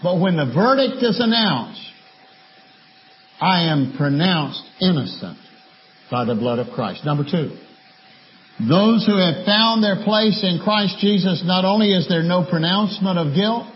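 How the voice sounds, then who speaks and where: High-voiced emphatic male preacher, lo-fi recording. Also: expressive, measured pace, pauses often. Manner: emphatic, repeats key phrases for effect. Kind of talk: sermon. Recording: dull lo-fi sermon recording.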